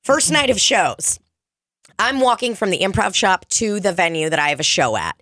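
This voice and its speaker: A woman's voice: mid-range voice, moderate pace, no echo, clean studio sound. A woman in her twenties, a comedian co-hosting a podcast, telling stories in casual chat with lots of swearing and acted-out voices. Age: 20s. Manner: animated storytelling, heavy swearing, acts out voices.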